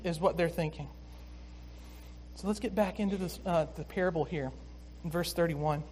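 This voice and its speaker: Preacher, sermon, mid-pitched voice, explanatory, emphatic. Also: normal speed, darkish tone, husky.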